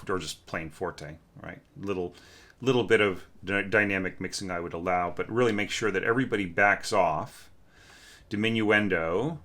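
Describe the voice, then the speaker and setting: A man's voice: low-pitched, sharp tone. A man giving a casual, candid critique of an orchestration at home, humming musical passages and talking with many fillers. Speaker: orchestration teacher. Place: home room with a snoring cat.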